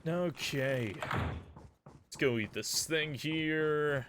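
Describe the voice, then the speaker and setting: A man's voice: on the high side, big pitch swings, a little slow, long pauses, over music. A young man casually commenting and joking while playing a game, exclaiming and humming as he goes.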